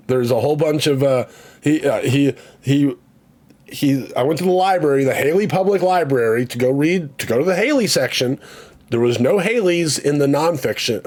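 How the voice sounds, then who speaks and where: A man's voice: mid-range voice, darkish tone. A man streaming casually, rambling and joking about himself, swearing freely and reading out chat comments.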